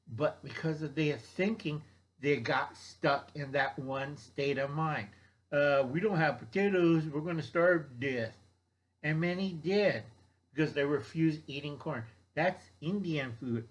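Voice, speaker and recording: A man's voice: fairly high pitch, dull audio. An older man giving a blunt, rambling survival lecture, often checking in with "okay?" and mocking people in put-on voices. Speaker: survival vlogger. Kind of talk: rambling instructional monologue.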